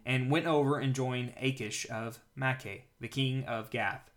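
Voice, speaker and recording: Guy doing a daily bible reading, mid-pitched voice, breaks off to chat about it casually. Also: fairly even intonation, unhurried. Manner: conversational, paraphrases in casual speech. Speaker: podcast host reading scripture.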